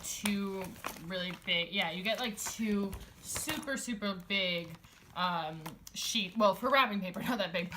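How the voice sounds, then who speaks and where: A woman's voice: mid-range voice, background noise. Chatty woman rambling through a haul. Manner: chatty and rambling, many fillers and restarts; enthusiastic, gushing over items. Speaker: vlogger showing a stationery haul. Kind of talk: casual chat.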